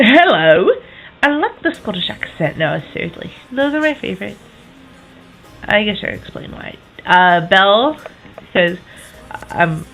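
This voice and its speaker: A woman in her twenties chatting casually to camera as a vlogger, enthusiastic, with quick self-correcting asides. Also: mid-range voice, fairly bright tone, rough recording.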